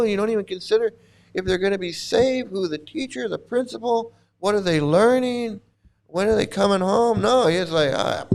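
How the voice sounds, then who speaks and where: A man's voice: sits high, creaky. A man hosting casual commentary as he reacts to videos, blunt and sarcastic, swearing and often restarting his phrases.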